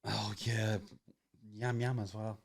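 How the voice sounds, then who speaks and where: A man's voice: fairly low pitch, level tone, slow pace, gravelly. A man with a Birmingham accent, a podcast guest in casual, sweary banter. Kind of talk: casual chat.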